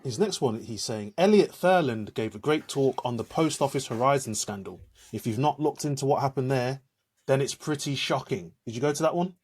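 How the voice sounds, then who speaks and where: Man, podcast co-host, explanatory storytelling tone, ordinary pitch. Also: lively intonation, a little fast, a little mellow, slightly rough. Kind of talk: casual chat.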